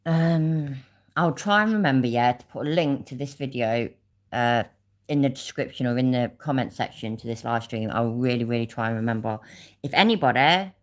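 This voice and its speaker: A woman's voice: rumbling low, moderate pace. A woman with a Leicester accent, a YouTube host talking bluntly and swearing freely in a casual livestream chat. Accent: Leicester English.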